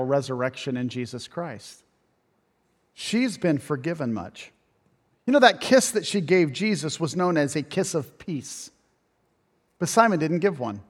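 A male pastor preaching a sermon, swinging between loud emphasis and quiet, hushed passages. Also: on the high side, in a large hall.

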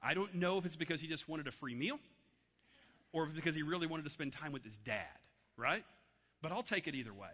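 A man's voice: a little high, animated, quick pace, sharp tone. A man preaching a sermon, telling a story and acting out its voices. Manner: storytelling, acts out voices in anecdotes. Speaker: pastor. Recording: long hall reverb.

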